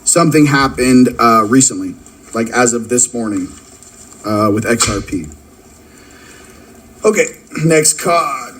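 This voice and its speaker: A man's voice: medium pitch, unhurried, long pauses, fairly bright tone, a little hiss or hum, poor audio. A man hosting a casual spiritual card-reading video, rambling and joking while speaking straight to his viewers. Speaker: channel host doing card readings. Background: faint background music.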